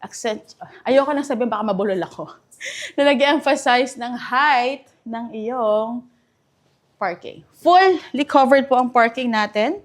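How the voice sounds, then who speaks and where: A woman's voice: a little high, unhurried. A woman with a Filipino accent hosting a walkthrough house tour, chatty and enthusiastic, mixing English and Filipino. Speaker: real estate house tour host. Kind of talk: casual walkthrough tour commentary. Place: inside a house, walking room to room.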